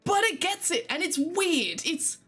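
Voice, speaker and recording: A young woman streamer chatting casually to her live audience with an exaggerated, expressive delivery, swearing freely and laughing often. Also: extremely high pitch, unhurried, faint music behind.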